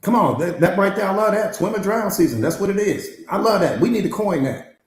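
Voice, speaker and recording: Brisk and expressive, a man with a high-sitting voice coaches on mindset in a live-streamed motivational master class. He stresses ideas over and over, talks in slang, and fires off rhetorical questions, with echo from the room.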